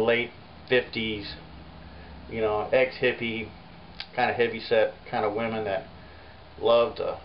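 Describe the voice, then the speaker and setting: A folk artist, rambling through a comic monologue full of "you know.". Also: male voice, mid-range voice. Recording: muffled home recording with faint hiss.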